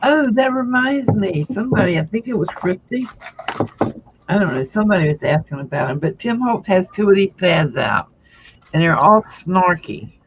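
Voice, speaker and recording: A woman's voice: lowish voice, expressive, moderate pace, muffled recording, background noise. A woman with a dry, snarky way of talking, chatting with friends on a video call. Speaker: participant in a friends' video chat. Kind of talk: casual chat.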